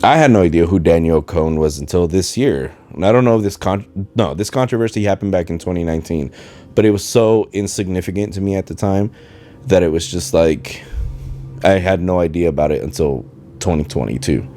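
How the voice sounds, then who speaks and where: A podcast host talks casually and rambles at home, losing his train of thought now and then. His deep, dark voice moves a little fast, and his English shows a slight Spanish accent with rolled R's. A dishwasher runs amid faint video game music.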